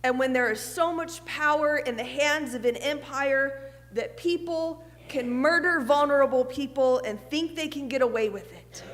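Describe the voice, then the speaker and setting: A woman pastor preaching a sermon in a church. She speaks earnestly, asks rhetorical questions and at times drops to a hushed voice. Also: high voice. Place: church sanctuary. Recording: long reverb of a church hall.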